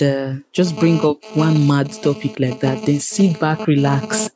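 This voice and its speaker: A woman's voice: deep voice, darkish tone. A Nigerian woman, a radio producer and presenter, speaking frankly in an interview, exasperated when she complains about her industry.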